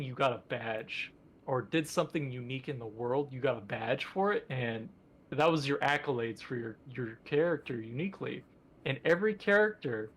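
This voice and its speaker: A man's voice: medium pitch, fairly bright tone. A man co-hosting a podcast in casual chat, rambling with enthusiasm and lots of fillers. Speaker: podcast co-host.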